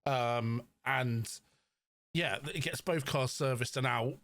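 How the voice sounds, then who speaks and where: A man with a Cornish accent co-hosting a podcast, chatting through a race weekend with fillers and quick explanations. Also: mid-range voice, creaky, a bit bright. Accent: Cornish English. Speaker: podcast co-host. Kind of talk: casual race recap chat.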